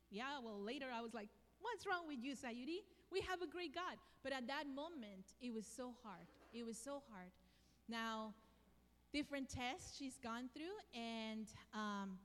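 A woman preaching a sermon in an emotional, emphatic way, with slow, dramatic pauses. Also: a little high, in a large hall.

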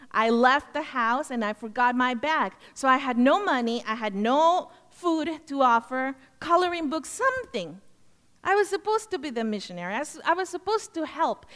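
A woman's voice: high voice, a bit bright. A woman missionary giving a heartfelt, earnest testimony in a church, telling her story with thanks. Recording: long hall reverb.

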